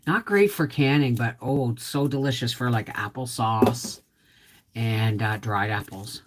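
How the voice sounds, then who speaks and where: A woman's voice: a bass voice, measured pace. A middle-aged woman hosting a casual homestead livestream, rambling chattily and greeting viewers by name, her voice a little off. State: voice slightly off.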